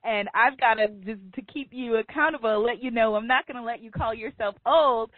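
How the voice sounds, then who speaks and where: A woman's voice: a little high, a little fast, dry recording. Encouraging woman host on a phone line. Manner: encouraging, affirming, chatty. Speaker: podcast host. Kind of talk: podcast interview. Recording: tinny phone line, dry.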